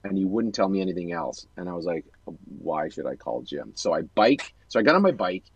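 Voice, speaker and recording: Husky man telling a story. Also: low-pitched, animated, fast talker, no echo, highs cut off. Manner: warm, rambling storytelling with self-corrections. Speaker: host. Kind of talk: casual chat.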